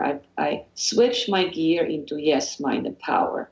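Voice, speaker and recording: Swiss-accented woman with a low voice. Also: measured pace, darkish tone, echoey room, dull audio. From Switzerland. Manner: earnest, repeats phrases, restarts sentences. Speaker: guest, hypnotherapist. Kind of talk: motivational interview talk.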